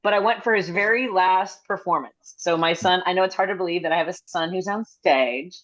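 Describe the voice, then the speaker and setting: A middle-aged woman comedian telling stories in a rambling, chatty way with quick asides, over a video call. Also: on the low side. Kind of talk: casual comedic storytelling. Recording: slightly dull video-call audio.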